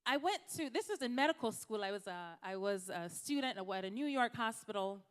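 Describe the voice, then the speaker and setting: A woman's voice: mid-range voice, expressive, a little fast, smooth, in a large hall. A woman from Jamaica, a physician giving a conversational health talk to a church congregation, addressing the audience directly. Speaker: physician speaker.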